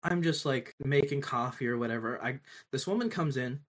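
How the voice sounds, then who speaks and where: A young man in casual chat, telling animated, profane workplace stories and laughing often. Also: medium pitch, moderate pace. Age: young adult.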